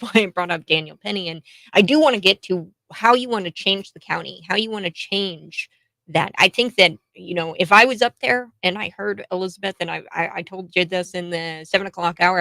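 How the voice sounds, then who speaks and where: A woman's voice: lowish voice, vocal fry, bright, forceful tone, no room sound. A woman hosting a talk radio interview, chatty and restarting her sentences often. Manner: chatty, many fillers and restarts. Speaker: radio talk show host.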